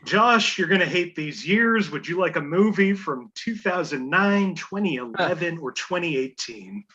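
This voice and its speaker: Host: a man with a husky, lively voice, muffled lo-fi call sound. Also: sits high, normal speed. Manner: laughs easily, reads clues aloud. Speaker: game show host. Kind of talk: hosting a trivia game.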